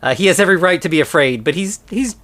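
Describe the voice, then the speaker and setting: A man's voice: high voice, animated, fast talker, a bit bright, no room sound. A man co-hosting a podcast in a casual chat, recapping a film in a rambling way with lots of fillers and acted-out quotes. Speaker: podcast co-host.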